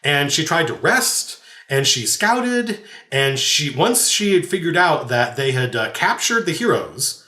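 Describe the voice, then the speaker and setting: A man's voice: fairly high pitch, very animated, measured pace, bright, forceful tone. A man and game master telling a story from his tabletop game in a rambling, laughing way with many restarts. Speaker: game master and podcast host. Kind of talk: casual anecdotal storytelling. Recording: roomy echo.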